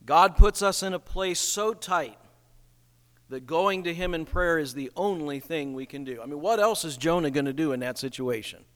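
A male pastor preaching a sermon in a church, slow and emphatic, asking rhetorical questions. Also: on the high side, in a large hall.

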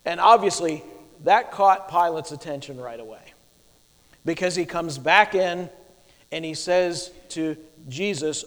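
A man's voice: on the high side, unhurried, a bit bright. A male preacher delivering a sermon, teaching emphatically and asking rhetorical questions. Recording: long hall reverb.

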